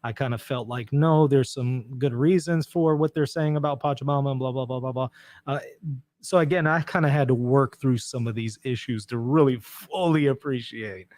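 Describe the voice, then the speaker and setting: A podcast host talks casually and earnestly about the clips he's reviewing, with frequent fillers and restarts. His medium-pitched voice is a little mellow and moves at a moderate pace, recorded with no room sound.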